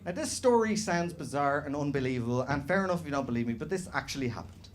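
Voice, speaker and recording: A young Dublin man with a Dublin Irish accent, doing animated, sweary, self-mocking stand-up storytelling live on stage. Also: on the high side, fast talker, slight background noise. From Dublin, Ireland. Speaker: stand-up comedian. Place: comedy club stage, live audience. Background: faint room ambience, audience laughter.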